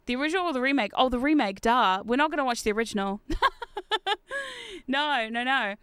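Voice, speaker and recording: A woman streaming while gaming, telling rambling, animated stories in casual chat with plenty of swearing. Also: on the high side, a little fast, clean tone, dry recording.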